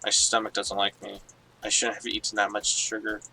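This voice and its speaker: A man's voice: fairly low pitch, completely flat delivery, a little fast, vocal fry, pushed and bright, a little hiss or hum, low-quality recording. A man co-hosting a game stream, throwing in playful, needling quips. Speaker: co-host. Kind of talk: casual chat while streaming a game.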